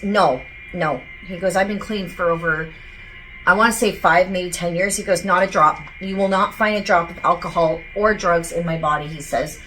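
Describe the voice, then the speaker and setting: A woman's voice: on the low side, a bit bright, slight background noise, rough recording. A woman working as a psychic medium, talking casually and rambling as she relays what a spirit tells her. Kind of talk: casual channeling session.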